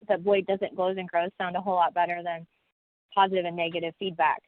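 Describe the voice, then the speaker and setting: On a webinar panel, a US college instructor talks a little fast in a fairly low voice that barely moves in pitch. Fillers and restarts run through her folksy, conversational speech. The video-call audio is thin and phone-like, completely dry.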